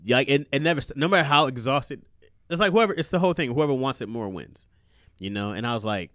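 A man's voice: mid-range voice, lively intonation, quick pace, fairly bright tone, no echo. Man, 30s, podcast host, laid-back, cussing, laughs a lot, dry recording. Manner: loose and profane, laughs often. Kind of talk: casual podcast chat.

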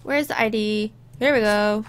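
A woman's voice: medium pitch, normal speed, slight background noise. A woman hosting a let's play, chatty and self-mocking as she works through the game. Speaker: gaming channel host.

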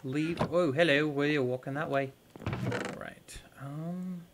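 A man's voice: a little high, a little slow, background noise. A young man casually commenting on his gameplay, rambling and talking to viewers as he plays. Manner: rambling, talks to viewers while playing. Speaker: gaming YouTuber. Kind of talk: casual let's-play commentary.

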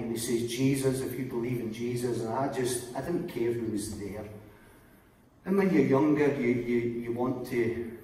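Scottish man giving a testimony in a big echoing hall. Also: slight background noise. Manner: storytelling, acts out quoted dialogue, often drops to a quiet low voice. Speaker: guest preacher giving testimony. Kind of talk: testimony sermon. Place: church hall. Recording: very echoey hall, voice heard from far off.

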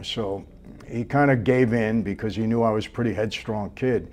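An older man, a guest in an interview, telling stories from his past in a measured, plain-spoken way that often trails off softly. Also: medium pitch, fairly even intonation. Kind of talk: conversational storytelling.

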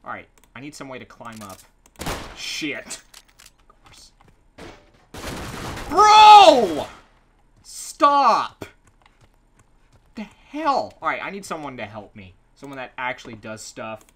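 A woman giving let's play commentary, exasperated, swearing often, yelling in bursts and then muttering to herself. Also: extremely low pitch, moderate pace, a little hiss or hum. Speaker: gaming commentator.

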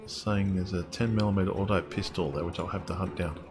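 A man's voice: low voice, fairly even intonation, fast. A man thinking aloud in casual, rambling commentary as he plays a game. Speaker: gamer streaming his play. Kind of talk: casual let's-play commentary. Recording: clear guitar music behind the voice.

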